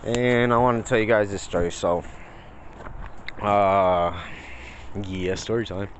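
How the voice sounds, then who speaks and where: A man's voice: fairly low pitch, steady tone, slow, slight background noise. A man telling a rambling story in a casual vlog, full of fillers, recorded on a phone outdoors by a pond. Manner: rambling, filler-heavy, retells dialogue in put-on voices. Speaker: vlogger.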